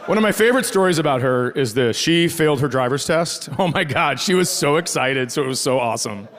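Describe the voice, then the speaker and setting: This middle-aged comedian's voice sits a little high, and he speaks in an animated, fairly quick way. His stand-up set at a theater is full of sarcastic family stories in which he plays each relative, with loud laughter from the live audience over a noisy background.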